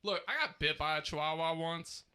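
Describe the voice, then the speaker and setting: A man's voice: fairly high pitch, brisk, clean tone. A man in his thirties co-hosting a casual comedy podcast, ranting with lots of swearing. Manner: animated, profane ranting. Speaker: podcast co-host.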